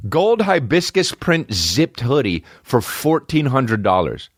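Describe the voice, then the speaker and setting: A man hosting a podcast in casual chat, rambling and swearing a lot, with big jumps in pitch. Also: big pitch swings, slow pace, dry recording, clean studio sound. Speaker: podcast host. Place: home studio with barking dogs nearby.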